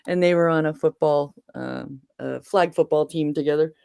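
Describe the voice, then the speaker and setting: A woman's voice: deep voice, moderate pace, gravelly, slight background noise. A middle-aged woman from New England hosting a casual video-call chat, telling stories animatedly and laughing often. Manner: chatty, animated storyteller who laughs often.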